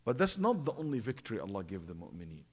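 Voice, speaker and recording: A man giving a religious lecture, acting out stories and swinging between loud emphasis and hushed asides. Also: lowish voice, huge pitch swings, fast, slightly rough. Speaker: imam giving a Quran commentary class. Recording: long hall reverb.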